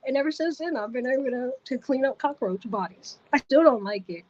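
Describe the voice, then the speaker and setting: A woman's voice: high-pitched, animated, fairly quick, a little mellow, dull audio. A woman vlogger telling a personal story to the camera, vivid and repetitive in her retelling.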